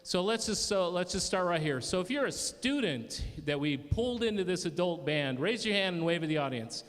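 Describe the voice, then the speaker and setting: A man's voice: high-pitched, animated, fairly quick, a bit bright. A man leading a band, introducing its members to an audience. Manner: upbeat, addressing the audience. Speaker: band leader. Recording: hall reverb with audible crowd and noise.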